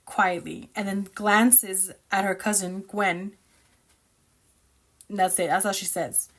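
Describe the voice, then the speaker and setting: A woman chatting casually about a novel she is reading, excitable, opinionated and rambling as she reacts. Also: medium pitch, slow. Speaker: book reviewer reacting while reading. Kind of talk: casual book reaction chat.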